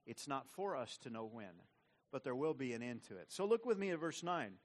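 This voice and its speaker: A man's voice: medium pitch, animated, a little fast. Man preaching a conversational sermon. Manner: conversational preaching with frequent repeated words. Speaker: pastor.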